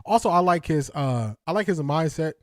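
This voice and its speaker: Male streamer host, higher voice, dry close mic, animated slangy commentary. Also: normal speed, no room sound. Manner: animated, slangy, laughs often, talks to chat. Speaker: livestream host. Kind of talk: casual livestream commentary.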